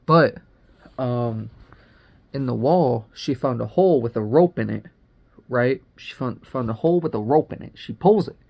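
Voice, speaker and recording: A man's voice: mid-range voice, animated, normal speed, gravelly, muffled recording. A young man recapping a movie for his channel in a rambling, slangy, profane way, full of fillers and restarts. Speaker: movie reviewer. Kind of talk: casual spoiler recap.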